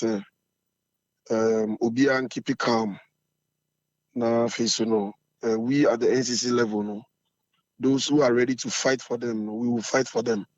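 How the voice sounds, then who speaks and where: A Ghanaian man with a hoarse voice, the chairman of a supporters' group, talking in an assertive, fiery way in an interview. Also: medium pitch, a little mellow, lo-fi sound.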